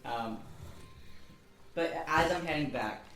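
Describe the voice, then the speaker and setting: A man's voice: fairly high pitch, takes it slowly, fairly bright tone, a little hiss or hum. Hesitant giggly male player, roomy sound. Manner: hesitant, giggly, lots of ums. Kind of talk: casual tabletop play.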